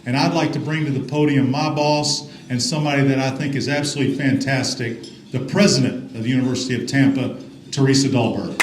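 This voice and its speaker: In a large banquet hall full of reverb and faint ambience, a middle-aged athletics director from Alabama gives a cheerful, folksy ceremony speech. He speaks fairly quickly in a medium-pitched voice with a steady tone, over a noisy background.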